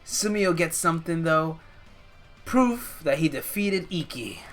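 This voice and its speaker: A woman's voice: low voice, animated, unhurried, faint music behind. A woman reading the lines of a blunt, brash older male wrestling coach in a video game.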